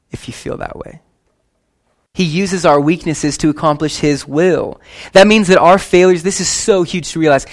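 A young man preaching a sermon to his church in a lively, conversational way, with quick asides and casual slang. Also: on the high side. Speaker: pastor.

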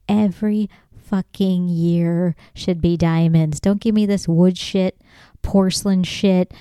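A woman hosting a podcast alone, ranting in a casual, profane way, getting loud and emphatic as she goes. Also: fairly low pitch, clear, resonant tone, no echo. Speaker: podcast host. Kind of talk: casual solo monologue.

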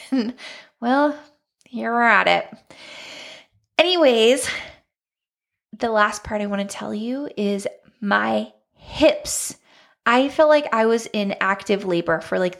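Chatty woman podcaster, gravelly edge. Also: mid-range voice. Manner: chatty and candid, laughs often. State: recovering from illness, slowed by brain fog. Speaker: podcast host. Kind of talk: casual chat.

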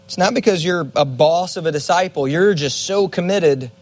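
A calm, gentle male teacher, as a preacher puts him on, speaking quietly and softly to set a follower straight. The voice is low-key and unhurried. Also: lightly acted.

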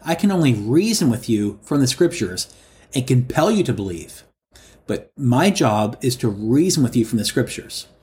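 A man delivers a sermon at an everyday middle pitch. He speaks to his listeners as friends. He repeats key lines slowly and deliberately for emphasis. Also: big pitch swings, a little mellow. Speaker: preacher.

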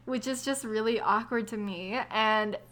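Chatty higher-voiced young woman. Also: measured pace, a bit bright. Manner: chatty, laughs easily, acts out characters' lines. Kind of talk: casual chat.

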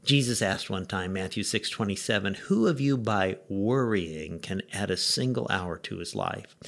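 A middle-aged man, a pastor, giving a short devotional message in a conversational, gently wry way with rhetorical questions. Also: mid-range voice, vocal fry.

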